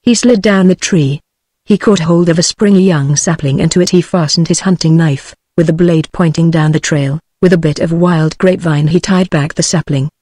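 A woman's voice: low voice, moderate pace, no echo. A text-to-speech woman's voice with a British accent narrating an audiobook, reading evenly. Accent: British English. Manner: even synthetic reading. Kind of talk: scripted narration. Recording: dry close text-to-speech.

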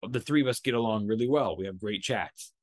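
A man hosting his own podcast, telling a story in a casual, animated and profane way, acting out what people said. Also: on the low side, brisk, no echo, clean studio sound. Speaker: podcast host.

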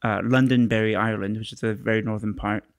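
A man's voice: fairly low pitch, fairly even intonation, fast, no room sound. A man from England co-hosting a podcast in casual chat, teasing and laughing at his own jokes. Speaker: podcast co-host.

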